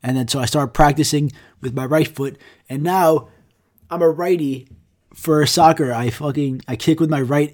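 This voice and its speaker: Young guy, casual storyteller, profane and rambling, average pitch. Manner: rambling, profane, quotes others in animated asides.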